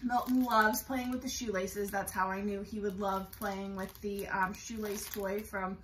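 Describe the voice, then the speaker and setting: A young woman chatting excitedly in a home vlog, showing bird toys and cooing at her pet bird. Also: unhurried, far from the mic, a little hiss or hum. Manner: chatty and excitable, many fillers, high coos to her bird. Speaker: bird vlogger. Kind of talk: casual show-and-tell vlog. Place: room at home. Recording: roomy echo, voice a bit off-mic.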